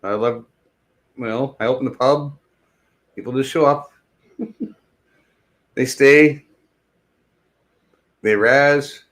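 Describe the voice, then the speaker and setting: A man's voice: mid-range voice, measured pace, pauses often, a bit bright. A middle-aged man chatting casually on a live stream in a rambling, jokey way, with lots of swearing.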